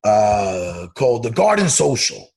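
A man, animated and profane, chatting casually on a video call and laughing often. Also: lowish voice, measured pace, vocal fry, husky. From Long Island, New York. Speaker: podcast co-host. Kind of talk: casual chat.

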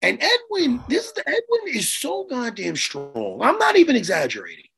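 A man co-hosting a chat show, telling a story in an excitable, profane way with lots of restarts. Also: very high voice, normal speed, creaky, slightly rough. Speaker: podcast co-host and martial arts coach. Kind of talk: casual chat, animated storytelling.

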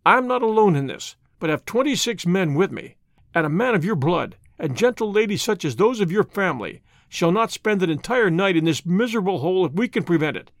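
A man voicing a bold masked highwayman who gives stern commands, read as an audiobook. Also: lively intonation, a little fast, vocal fry, dry recording, studio quality. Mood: commanding.

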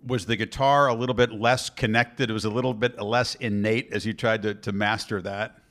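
Man, interviewer, enthusiastic, long reflective questions, lowish voice. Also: steady tone, a little fast, fairly bright tone. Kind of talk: casual interview talk.

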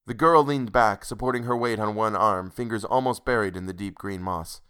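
A man narrating a classic ghost story in a measured, unhurried reading. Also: lowish voice, fairly bright tone, clean tone.

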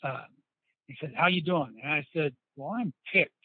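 Heard through a dry, tinny, phone-style recording with no room sound, a man with a slightly high voice talks at a moderate pace. He's a former football player guesting on a casual storytelling interview, rambling through long anecdotes with many restarts and quoted lines.

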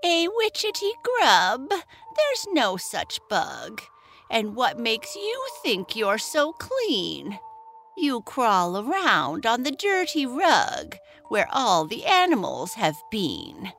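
A woman's voice: a little high, wildly swooping pitch, slow, a bit bright, soft background music, pitched above the performer's own voice, heavily acted. A woman voicing a lonely, grumpy old witch woman with a cranky, sulky way of talking. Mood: scornful.

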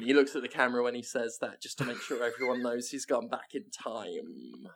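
An animated comedy podcaster riffing through an absurd story, laughing as he goes. The voice is gravelly with a wide, lively pitch range. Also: brisk, few pauses, a little hiss or hum. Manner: animated, silly, laughs often. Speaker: co-host.

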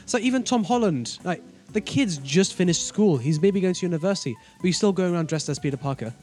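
A man's voice: high voice, animated, quick pace, a little mellow, soft background music. A man co-hosting a casual podcast chat, blunt and sarcastic, swearing freely. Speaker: podcast co-host.

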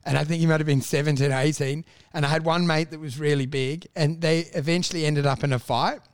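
Guy, high pitch, dry close sound, lively profane storyteller. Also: fairly quick, clear, resonant tone, no echo. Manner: animated anecdotal storyteller, swears freely. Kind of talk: casual podcast chat.

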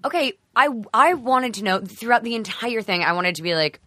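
A woman's voice: fairly high pitch, animated, a little fast, pushed and bright, no room sound, clean studio sound. A woman in a casual chat about a reality show, thinking aloud and asking curious questions.

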